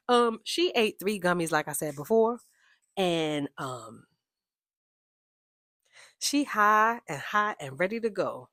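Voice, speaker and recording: A woman giving a casual, opinionated recap of a reality TV show, with chatty, animated asides. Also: fairly low pitch, slow, long pauses, no room sound, studio quality.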